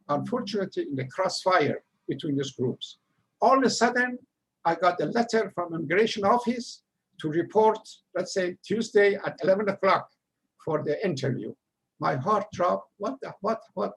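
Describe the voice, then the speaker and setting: A man's voice: high-pitched, creaky, husky. An older man from Iran, telling his immigrant story in a rambling, humorous way. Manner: rambling, humorous, laughs at himself. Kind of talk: casual storytelling talk.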